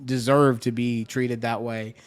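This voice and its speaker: A man's voice: mid-range voice, level tone, unhurried, smooth. A man co-hosting a podcast in casual chat, reacting with jokes, swearing and acting out exaggerated quotes. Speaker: podcast co-host.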